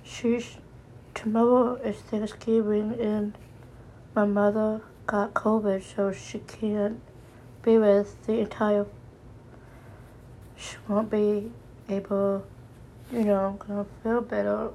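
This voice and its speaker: A woman hosting her own podcast, crying as she talks, her voice breaking, halting and trailing off as she starts sentences over. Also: medium pitch, little pitch movement, mellow, a little hiss or hum, poor audio. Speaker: podcast host. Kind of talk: emotional personal podcast message.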